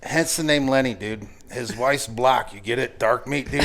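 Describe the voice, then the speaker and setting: An American man in his forties telling profane, animated stories in casual chat and laughing through the punchlines, as a guest firearms instructor. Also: medium pitch, moderate pace, hardly any pauses, crowd noise.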